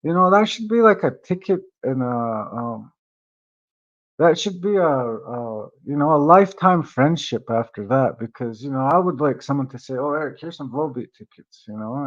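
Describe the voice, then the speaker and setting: Rambling man telling a story, lo-fi. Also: medium pitch. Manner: rambling, profane, lots of fillers. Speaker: vlogger. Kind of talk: casual storytelling.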